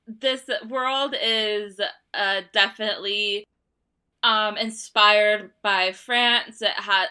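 A woman's voice: mid-range voice, pushed and bright, clean tone. An American woman co-hosting a casual book podcast, giggly and laughing often, full of "like" fillers. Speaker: podcast co-host.

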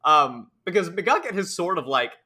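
A man co-hosting a podcast, calmly summarizing a cartoon episode with dry teasing. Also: high voice, moderate pace, slightly rough. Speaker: podcast co-host. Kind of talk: casual recap chat.

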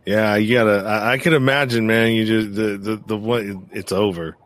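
A man in casual chat, reacting to the host with short, halting remarks from away from the mic. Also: on the low side, fairly even intonation, fairly bright tone.

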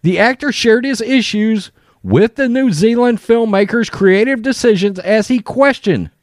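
A man's voice: high-pitched, animated, unhurried, dry recording, studio quality. A man giving blunt, profane, opinionated commentary on the news to his viewers.

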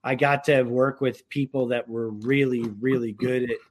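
A man's voice: mid-range voice, flat delivery, moderate pace. Rambling man from New York. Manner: rambling, many filler words. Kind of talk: casual podcast chat.

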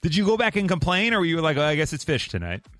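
A man's voice: fairly high pitch, big pitch swings, rapid-fire, a bit bright, dry recording, faint music behind. A man hosting a morning radio show, joking casually with callers and co-hosts and acting out other people's lines. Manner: jokey, playful, acts out other people's lines.

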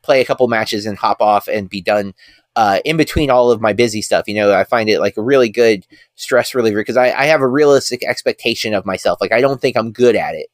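A podcast co-host with a lowish voice talks briskly, recorded in clean studio sound with no room echo. His casual chat wanders, leans on fillers, and shows real enthusiasm for movies.

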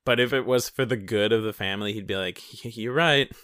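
A man's voice: on the low side, steady tone, quick pace, fairly bright tone, clear, resonant tone, dry recording, studio quality. A young man co-hosting a podcast in casual chat, joking and rambling with many fillers.

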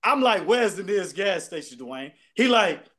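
A man co-hosting a podcast, telling profane, animated stories in casual chat and acting out what people said. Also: high voice, normal speed. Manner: animated, profane storytelling with voiced quotes. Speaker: podcast co-host.

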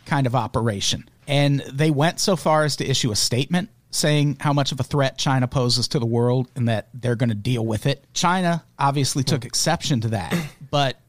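A man's voice: mid-range voice, moderate pace, few pauses, no room sound. Sarcastic man riffing on the news. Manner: sarcastic, profane, laughs mid-sentence. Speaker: podcast host. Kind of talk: casual comedic news chat.

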